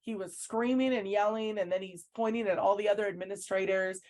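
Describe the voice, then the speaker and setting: A woman's voice: mid-range voice, fairly even intonation, a little fast, a little mellow. A woman, a coach, recounting events as an interview guest, telling them earnestly and acting out what others said.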